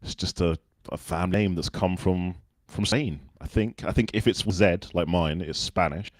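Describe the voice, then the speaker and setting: Deep-voiced man with a Southern English accent. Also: normal speed, no room sound, clean studio sound. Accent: non-regional Southern English. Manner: relaxed storyteller who acts out other people's lines. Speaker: guest. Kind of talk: casual interview chat.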